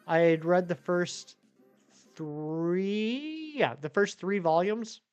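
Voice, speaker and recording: A man's voice: high voice, takes it slowly, darkish tone, clear, resonant tone, muffled recording, faint music behind. A man live-streaming a game, chatting casually with viewers in a rambling way with many fillers.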